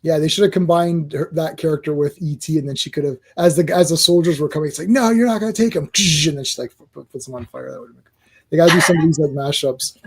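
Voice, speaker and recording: A man's voice: a little high, steady tone, fast, slightly rough. A middle-aged man hosting a casual movie chat, rambling with restarts and laughs, acting out quotes.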